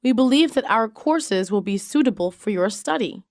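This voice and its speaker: A woman reading business English sentences aloud in a measured, clearly enunciated way. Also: a little high, expressive, darkish tone, dry recording, studio quality. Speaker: English phrase reader. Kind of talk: slow read-aloud example sentences.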